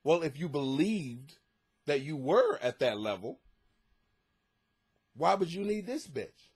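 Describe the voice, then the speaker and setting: A man's voice: on the high side, big pitch swings, slow pace, darkish tone, breathy edge. A man hosting a comedy podcast, ranting profanely with sarcastic mock outrage while reading listener letters. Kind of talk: crude comedic advice rant. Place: home basement.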